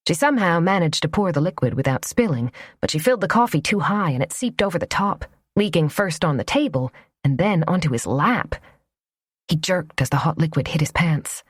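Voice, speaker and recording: Low-pitched woman narrator, measured audiobook read, dry close sound. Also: husky, dry recording. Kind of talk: scripted narration.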